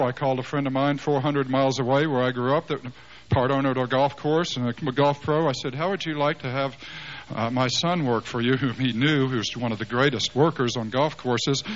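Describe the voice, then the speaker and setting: A man in his fifties preaching through a personal story, animated and acting out the dialogue, with many restarts. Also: mid-range voice, moderate pace. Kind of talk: storytelling sermon. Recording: slightly muffled with faint hiss.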